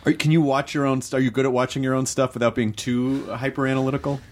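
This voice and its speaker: A man's voice: mid-range voice, level tone, fast talker. A middle-aged American man hosting a casual interview, playful and rambling with jokey asides. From United States. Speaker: interviewer host.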